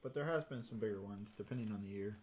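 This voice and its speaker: A man hosting a casual livestream, chatting in a mild, deadpan way while he builds. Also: fairly low pitch, fast. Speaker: livestream host.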